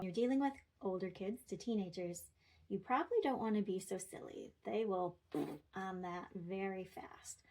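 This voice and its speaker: A woman's voice: medium pitch, darkish tone, poor audio. Woman giving playful parenting advice. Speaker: parenting content creator. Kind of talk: scripted parenting advice talk.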